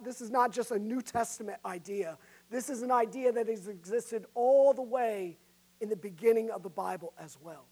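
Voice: mid-range voice, darkish tone. Emphatic preacher questioning the congregation. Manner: emphatic, asks the audience questions. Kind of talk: sermon.

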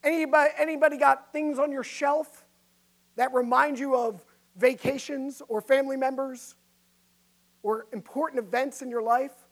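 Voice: sits high, fairly even intonation, moderate pace. Emphatic preacher questioning the congregation. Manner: emphatic, asks the audience questions. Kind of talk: sermon.

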